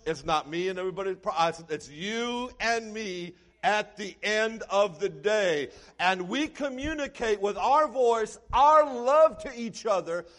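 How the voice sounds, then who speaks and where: A man preaching a sermon as pastor, swinging between quiet, low passages and loud, shouted lines.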